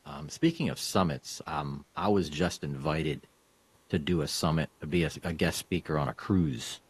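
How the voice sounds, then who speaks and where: A man's voice: rumbling low, animated, moderate pace, husky, dry recording. A man hosting a casual interview, rambling with fillers and laughing often. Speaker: podcast host.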